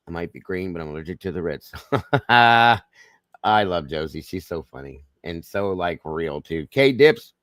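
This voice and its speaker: A man with a Southern American drawl hosts a casual livestream and greets his chat by name in a folksy, easygoing way. His voice sits low, and the sound is dry and close to the mic with no room echo. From Southern United States. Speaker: livestream host.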